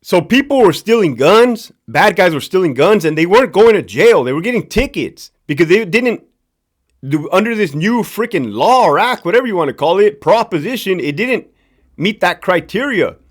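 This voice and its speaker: His voice sits high with big pitch swings at a moderate pace as he rants casually to camera. The host, a middle-aged former prison guard from Southern California, is sarcastic and profane, and he repeats himself for emphasis on his own show.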